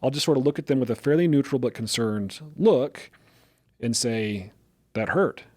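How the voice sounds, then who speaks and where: A middle-aged man co-hosting a casual podcast conversation, telling lively everyday stories and illustrating them as he goes. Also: medium pitch, moderate pace, dry recording, clean studio sound. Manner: lively storyteller, acts out parent voices. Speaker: podcast co-host.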